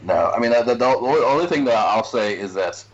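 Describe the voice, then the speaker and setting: A man's voice: medium pitch, animated, fast talker, lo-fi sound. A man co-hosting a podcast, thinking aloud in casual chat with many hesitant restarts. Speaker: podcast co-host.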